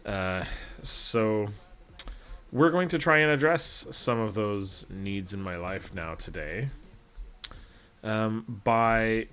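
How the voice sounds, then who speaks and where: A man from Alberta, Canada, chats through a gameplay session at his desk mic. He rambles and pokes fun at himself, and his voice sits a little low. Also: slow, pauses often, fairly bright tone, a little hiss or hum. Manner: rambling, self-deprecating, chatty. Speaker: gaming channel host. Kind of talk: casual gameplay commentary.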